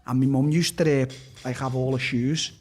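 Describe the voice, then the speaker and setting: Husky Liverpool man, blunt and sweary. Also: mid-range voice, fairly even intonation, normal speed, darkish tone. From Liverpool, England. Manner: blunt, swears constantly, restarts sentences. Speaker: podcast guest, fighter. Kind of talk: candid personal storytelling.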